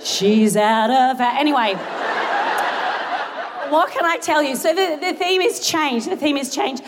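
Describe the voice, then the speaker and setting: A woman's voice: sits high, measured pace. A young Australian woman doing live stand-up in a big theatre, giggly, rambling and sweary with a self-mocking edge. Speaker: stand-up comedian. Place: large theatre stage. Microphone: stage mic. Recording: live theatre recording with audience noise. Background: audience laughter and crowd noise.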